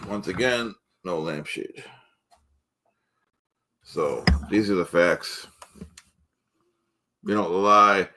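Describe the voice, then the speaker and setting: A man's voice: fairly low pitch, pushed and bright. A man playing a pompous, touchy middle-aged man who cooks eggs on a live stream, rambling and insisting on his own facts. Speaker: livestream host in character. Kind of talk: improvised character comedy stream.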